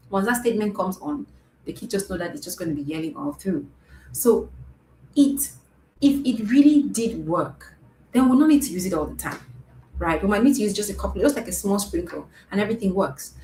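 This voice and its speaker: A woman's voice: mid-range voice, darkish tone. A woman coaching parents in an earnest, repetitive way, often checking in with "right?". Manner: earnest, repeats points, asks "right?" often. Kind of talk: live-streamed talk to parents. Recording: echoey room with faint noise.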